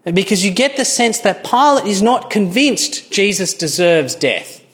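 A man preaching a sermon in an earnest, measured way, with small restarts. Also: high-pitched, sing-song, a bit bright.

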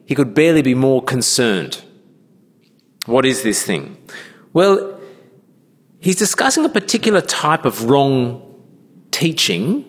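A man delivers a sermon as pastor, his voice a little husky. He explains earnestly and calmly, mixing scripture with everyday stories. The sound rings with a long hall reverb. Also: mid-range voice.

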